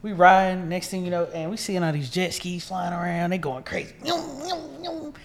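A man co-hosting a casual chat, narrating a travel mishap in a relaxed way. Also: high-pitched, a little fast. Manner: relaxed storyteller, quotes people as he goes. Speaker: podcast co-host.

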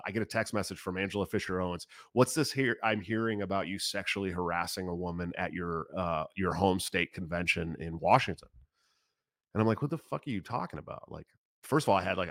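A political candidate, a man in his thirties, tells a personal story fast and in a low voice, swearing freely. His delivery is animated, casual and profane, recorded dry and close with no room sound.

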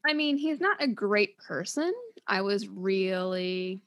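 A woman co-hosting a casual book-talk show, lively and acting out characters' lines as she recaps. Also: medium pitch, takes it slowly. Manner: animated, acts out characters' lines. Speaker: podcast co-host.

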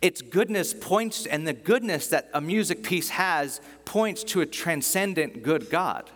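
A man's voice: a little high, lively intonation, measured pace, fairly bright tone. A man preaching a sermon in a conversational, enthusiastic way, often restarting his sentences. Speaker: pastor. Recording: long hall reverb.

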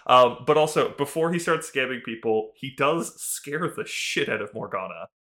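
Man, podcast co-host, bright tense voice, rambling casual recap, lots of "like". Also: medium pitch, lively intonation, moderate pace. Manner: rambling, full of "like" and "um", laughing often. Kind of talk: casual chat recapping a TV episode.

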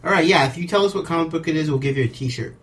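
A man's voice: fairly high pitch, rapid-fire, fairly bright tone, slight background noise. A man co-hosting a podcast in casual chat, laid-back and chuckling along with the others. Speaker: podcast co-host.

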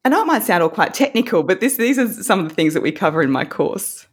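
A woman's voice: mid-range voice, big pitch swings, quick pace, slightly rough. A woman, a voice coach, explaining her course in an upbeat, instructive way as an interview guest. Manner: upbeat, instructive, demonstrates vocal techniques.

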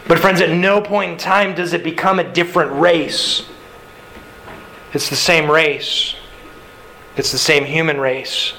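A man preaching a sermon in a conversational, animated way, acting out quoted lines. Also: on the high side, low-quality recording. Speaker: pastor.

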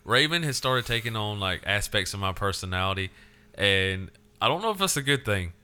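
A man's voice: fairly low pitch, very animated, a little fast, pushed and bright, clear, resonant tone. A man co-hosting a crude, casual podcast, rambling with lots of fillers and swearing. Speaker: podcast co-host.

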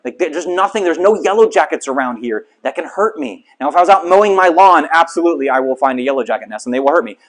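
A middle-aged man preaching a sermon, telling a story with lively, self-mocking humor to a small congregation. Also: fairly high pitch, fast, hardly any pauses. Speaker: pastor.

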